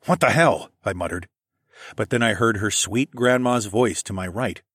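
A man's voice: fairly low pitch, moderate pace, fairly bright tone, dry recording, clean studio sound. A man narrating a fantasy story in first person, reading steadily. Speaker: audiobook narrator.

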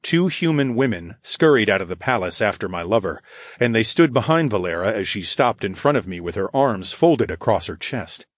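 A man narrates an audiobook chapter in a low, slightly husky voice. His reading moves through a wide, lively melody. The recording is close and dry. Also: moderate pace, no echo. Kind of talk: scripted first-person narration.

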